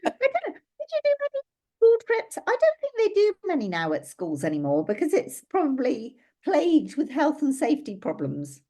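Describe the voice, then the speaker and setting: Woman, middle-aged, casual chat, hesitant fillers, lively intonation. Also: high-pitched, normal speed. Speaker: podcast co-host.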